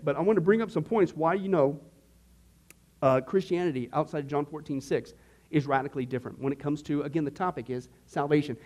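A man with a fairly high voice teaches a church discipleship class. He talks casually, then grows emphatic and voices the doubts of skeptics to answer them. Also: a little mellow. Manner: emphatic, conversational, acts out skeptics' questions.

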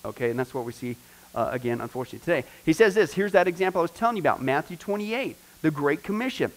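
A middle-aged man, a pastor, teaching a discipleship class in a lively, conversational way and asking the class questions. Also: fairly high pitch, fast talker.

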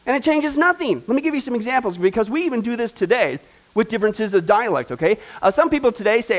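An American man preaching a sermon, animated and emphatic, asking his listeners questions and joking along the way. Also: very high voice, a little fast. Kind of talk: sermon with humor.

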